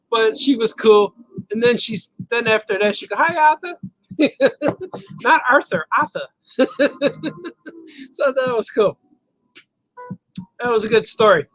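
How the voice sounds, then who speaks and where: With an extremely high, fairly bright voice, this host and cartoonist takes his time and pauses often. He giggles through his playful, rambling stories on a casual livestream chat show, reading viewer comments and repeating words for effect. Audio is poor.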